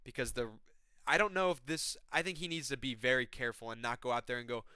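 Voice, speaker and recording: A man ranting casually with excitement and heavy profanity, giving his fight predictions as the host of a mixed martial arts channel. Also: medium pitch, fast talker, clear, resonant tone, dry recording. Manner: excitable, profane, slangy fan talk.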